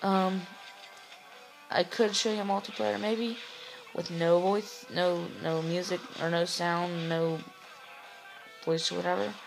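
An excitable man hosting gameplay commentary, shouting and whooping, his voice getting sore. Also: sits high, takes it slowly, gravelly, long pauses, over music, low-quality recording. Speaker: gaming channel host.

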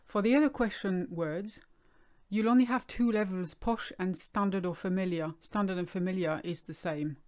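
A woman's voice: mid-range voice, a little mellow. French woman teaching a language lesson. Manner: clear, explanatory, repeats examples slowly.

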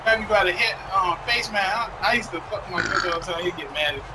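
A man's voice: sits high, fast, very noisy. A man in casual, profane, joking chat while playing a video game. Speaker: gamer. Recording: distant mic with game crowd.

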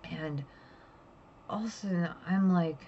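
A woman's voice: on the low side, unhurried, dull audio, a little hiss or hum. A middle-aged woman telling a rambling, blunt story about her pets in a casual home vlog. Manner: chatty, blunt, rambling with restarts. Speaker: pet vlogger.

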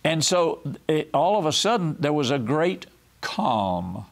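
A man's voice: on the high side, sing-song, a little slow, gravelly. Male pastor, TV sermon, folksy storyteller who acts out the voices he quotes. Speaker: pastor and TV host. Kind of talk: televised sermon.

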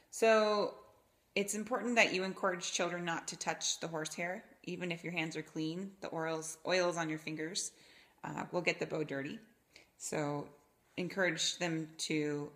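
A woman from Florida teaching violin, patiently explaining the parts of the instrument and sometimes demonstrating pitches with her voice. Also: a bit bright. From Gainesville, Florida, USA. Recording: roomy echo, faint violin.

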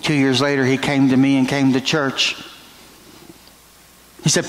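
A man's voice: medium pitch, fairly even intonation, normal speed, pauses often, low-quality recording. A middle-aged man preaching a sermon as pastor in a church, earnest and drawn out. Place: church sanctuary.

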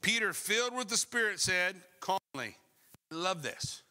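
A middle-aged male pastor preaching a sermon in a conversational, animated way, full of rhetorical questions. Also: high-pitched, a little slow. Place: church sanctuary. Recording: long church hall reverb.

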